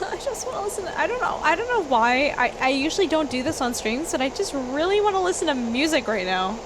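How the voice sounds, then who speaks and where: A woman's voice: high voice, big pitch swings, brisk, background noise. A woman livestreaming a flight simulator in casual, chatty talk, often apologizing and laughing lightly. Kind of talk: casual stream chat.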